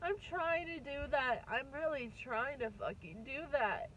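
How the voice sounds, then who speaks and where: A woman in her twenties venting on a vlog, upset and close to tears, rambling and swearing in halting bursts. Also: sits high, lively intonation, a bit bright, highs cut off, slight background noise. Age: 20s. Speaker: vlogger.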